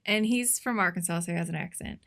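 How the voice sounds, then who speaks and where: A woman's voice: fairly low pitch, fast talker, vocal fry, fairly bright tone. A young woman guesting on a casual podcast, telling a story and laughing as she trails off. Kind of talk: casual chat.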